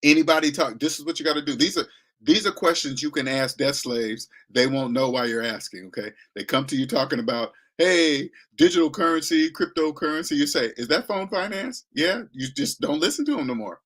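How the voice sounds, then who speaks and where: Brisk and fairly bright in tone, with a mid-range voice, a man lectures bluntly on money. The finance commentator's casual monologue is slangy, and he mocks the voices he imitates.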